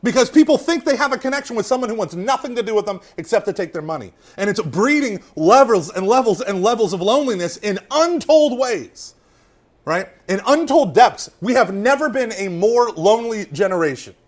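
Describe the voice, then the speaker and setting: A man giving a lively faith talk to a room of listeners, swinging from loud emphasis to hushed asides and often checking in with "right?". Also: high-pitched, brisk. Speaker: Catholic speaker.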